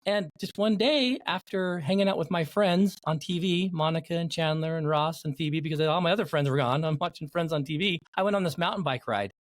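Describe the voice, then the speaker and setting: A man hosting a podcast interview, an animated storyteller who acts out the people he quotes. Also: a little high, brisk, hardly any pauses, no echo. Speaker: podcast host.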